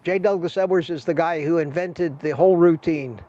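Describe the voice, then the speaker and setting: A man's voice: a little high, moderate pace, dark tone. An older man hosting a casual livestream, talking to viewers in a chatty, rambling way with a salesman's patter. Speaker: livestream host. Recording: dull lo-fi stream audio.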